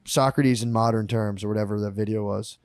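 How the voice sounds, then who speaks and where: A young man hosting a casual comedic chat, excitable and swearing a lot, often acting out the people he quotes. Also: fairly low pitch, brisk, dry recording, studio quality. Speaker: podcast host.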